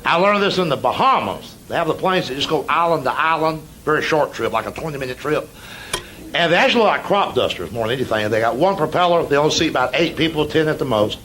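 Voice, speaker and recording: A man's voice: a little high, expressive, fast talker, rough recording. A middle-aged man doing folksy storytelling stand-up in a punchy drawl, recorded live on stage. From United States. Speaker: stand-up comedian. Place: live comedy stage before a laughing audience. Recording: live show with loud crowd and noise.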